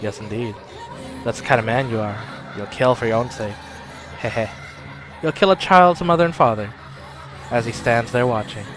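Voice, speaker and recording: A man's voice: mid-range voice, a bit bright, soft background music, some chatter behind, natural voice. A man voicing a smug mocking inner voice. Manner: smug, slow, chuckling. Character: taunting inner voice, cold and mocking.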